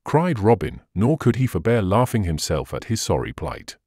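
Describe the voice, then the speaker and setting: Low-voiced expressive male narrator. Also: moderate pace, slightly rough, no echo, studio quality. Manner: expressive storytelling. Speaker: audiobook narrator. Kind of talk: scripted narration.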